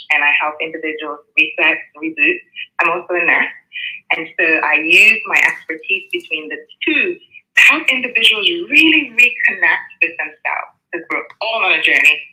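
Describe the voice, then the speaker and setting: A woman from Bermuda, a reset coach and nurse, speaking calmly and encouragingly as a guest in a live audio chat room. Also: deep voice, rough recording.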